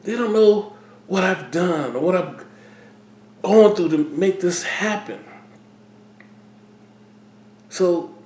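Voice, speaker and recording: A man talking slowly and haltingly about his feelings, often repeating words and trailing off. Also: on the high side, a little mellow, echoey room. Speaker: vlogger. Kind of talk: personal talk to camera.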